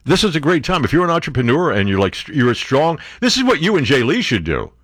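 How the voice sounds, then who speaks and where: A man's voice: fairly high pitch, wildly swooping pitch, fast talker, fairly bright tone, no echo, studio quality. A man hosting a talk radio show, ranting sarcastically and mocking others with impressions.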